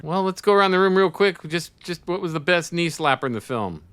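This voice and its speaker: Smooth-voiced man hosting a film podcast. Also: fairly high pitch, lively intonation, fairly quick, fairly bright tone, no echo. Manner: steers the talk, calls on each guest by name. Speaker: podcast host. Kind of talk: casual film discussion.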